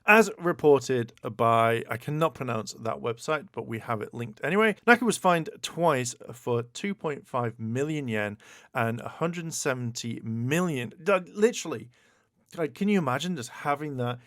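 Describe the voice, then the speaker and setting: A man hosting a casual video, commenting on gaming news in an animated, exclaiming way with stammered repeats. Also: mid-range voice, normal speed, no room sound, clean studio sound. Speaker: YouTube host.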